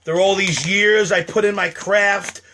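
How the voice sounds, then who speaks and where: A man's voice: high-pitched, steady tone, normal speed, bright, forceful tone, slight background noise. A man, a comedian, in a comic rant to camera, mock-indignant and exaggerated, repeating phrases over and over.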